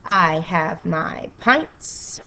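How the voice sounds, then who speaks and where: A woman teacher talks her students through a recorded math lesson at an unhurried pace. She checks in with an okay at each step and explains patiently. Now and then she slips into a playful sing-song. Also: lowish voice, lively intonation, bright, forceful tone, a little hiss or hum. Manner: slow, patient explaining with frequent okays.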